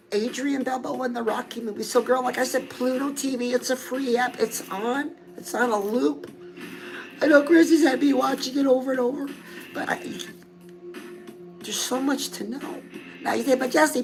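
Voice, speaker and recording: A woman's voice: high-pitched, low-quality recording. A middle-aged woman hosting a casual livestream chat, coaching her viewers and calling them "girl". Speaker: host.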